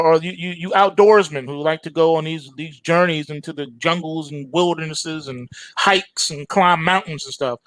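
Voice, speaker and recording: A man's voice: high-pitched, a bit bright, dry recording. A man hosting a trading show, giving an emphatic, preachy market commentary full of slang and repetition.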